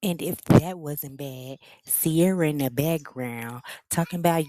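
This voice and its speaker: A woman hosting her own reaction channel, recapping a reality TV episode in a sassy, slangy, animated way. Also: deep voice, a little slow, hardly any pauses, no echo. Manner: animated, slangy, sassy storyteller who acts out the quotes. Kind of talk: casual reality-TV recap commentary.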